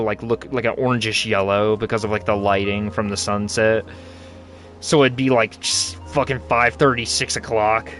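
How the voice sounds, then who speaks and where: A man's voice: medium pitch, a bit bright. A young man casually commenting while playing a game, rambling, slangy and joking. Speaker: gaming channel host. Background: game music.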